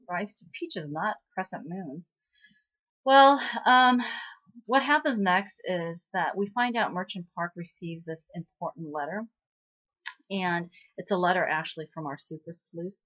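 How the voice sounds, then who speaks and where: A woman's voice: lowish voice, fairly bright tone, muffled recording. Chatty woman recapping a drama. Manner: chatty, lots of fillers, acts out quoted lines. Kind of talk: casual spoken recap.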